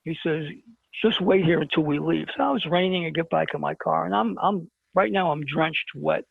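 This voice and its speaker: A man's voice: a little high, normal speed, creaky, husky, no room sound. A middle-aged man from Brooklyn, a show guest telling a story and acting out the exchanges. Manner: dramatic retelling with quoted exchanges. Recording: tinny phone line.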